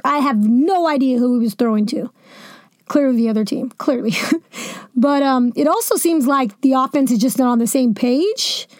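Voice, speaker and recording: High-pitched young woman ranting about football on her podcast, jokey, super dry close sound. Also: normal speed, no room sound. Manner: animated, jokey, venting with laughs and asides. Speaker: sports podcast host. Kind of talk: casual sports commentary.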